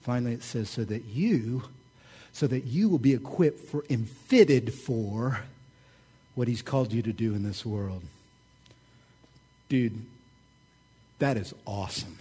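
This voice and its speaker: A middle-aged man preaching a sermon, telling stories in a casual, joking and animated way. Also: medium pitch, a little slow, long pauses, slightly rough. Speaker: pastor.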